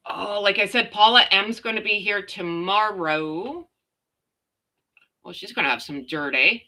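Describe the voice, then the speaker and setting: A woman's voice: medium pitch, unhurried, bright, forceful tone. A woman hosting a casual gossip livestream, reading out viewer comments and ranting sarcastically. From Canada. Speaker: royal gossip livestream host.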